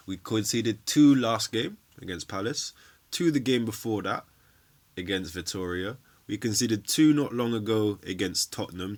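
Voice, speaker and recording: A young man with a lowish voice vents to his viewers about his team. He is blunt and heated, and he swears often in a casual stream-of-thought rant. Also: fairly bright tone. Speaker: football fan streamer.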